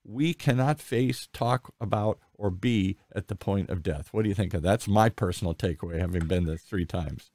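Older male host, sixties, rambling storyteller; low pitch, dry close recording. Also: moderate pace, few pauses, dry recording. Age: 60s. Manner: animated storyteller, rambling and candid. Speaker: podcast host. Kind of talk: conversational interview.

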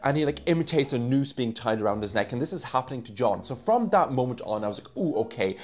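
A man's voice: medium pitch, expressive, fast, a little mellow. A man reviewing a horror film in a casual vlog, chatty and loose, often saying "like" and swearing offhand, recorded on a phone mic. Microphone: phone used as microphone.

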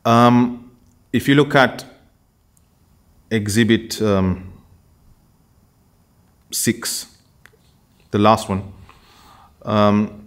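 A man lecturing a class in a deliberate, explanatory way, often pausing to check that his students follow. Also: on the low side.

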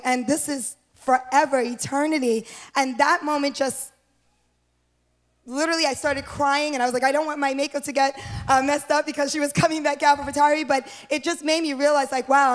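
A woman, the pastor's wife, sharing heartfelt wedding memories with a church congregation. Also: high voice. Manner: lively, heartfelt storytelling. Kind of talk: sermon introduction, personal story. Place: church sanctuary.

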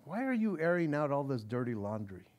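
A male pastor preaching a verse-by-verse sermon in an earnest way, often stumbling over and restarting his words, and reading scripture aloud slowly. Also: mid-range voice, sing-song, a little mellow. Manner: earnest, frequent stammered restarts. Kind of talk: expository sermon.

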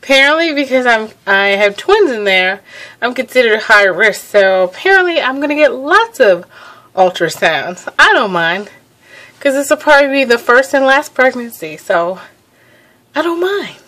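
A woman's voice: a little high, very animated, normal speed, fairly bright tone. A young adult woman giving a casual vlog update, chatty and a little out of breath, laughing often and restarting her sentences. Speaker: pregnancy vlogger.

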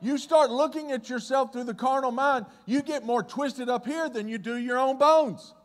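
Pastor, male, high voice, animated conversational sermon, long hall reverb. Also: moderate pace. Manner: conversational preaching, swinging from loud excitement to hushed low tones.

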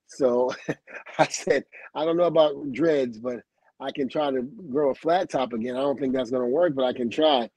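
Husky, mellow-voiced storytelling man. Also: mid-range voice, moderate pace, no room sound, poor audio. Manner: lively storyteller who acts out quoted dialogue, laughs often, swears. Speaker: guest. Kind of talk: telling wrestling career stories on a livestream.

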